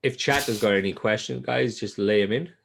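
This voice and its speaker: A man's voice: lowish voice, fairly quick, vocal fry, slight background noise. Swearing man telling a story on a podcast. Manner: profane storytelling, swears often; acts out quotes in raised voices. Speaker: podcast co-host. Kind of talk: casual chat.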